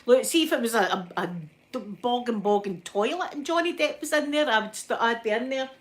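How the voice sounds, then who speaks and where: A Scottish woman chatting in a soft ASMR style, telling stories with plenty of giggles. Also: fairly high pitch, expressive, fairly quick. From Scotland. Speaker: vlogger. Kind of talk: ASMR chat.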